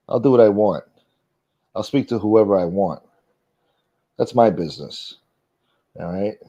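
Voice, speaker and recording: A man with a lowish, mellow voice rants on his livestream, defensive and aggrieved, swearing freely. The audio is dull and lo-fi, like a home stream. He talks casually to his chat. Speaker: livestream host.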